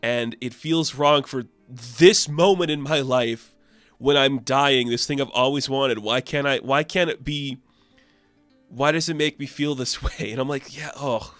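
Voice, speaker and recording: A man's voice: medium pitch, fairly even intonation, a little slow, a bit bright, dry recording, soft background music. A man giving a casual, enthusiastic and rambling comic book recap, full of fillers.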